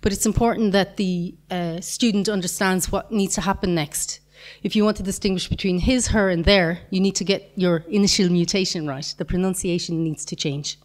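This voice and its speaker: A woman's voice: lowish voice, fairly even intonation, normal speed. A woman giving a conference talk, patiently explaining grammar with examples and the odd light chuckle. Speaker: conference speaker.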